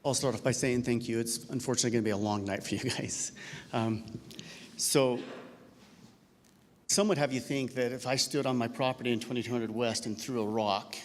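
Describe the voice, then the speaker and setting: A man giving a public comment at a council meeting in a relaxed, folksy storytelling manner. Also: mid-range voice, brisk. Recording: long hall reverb with faint room ambience.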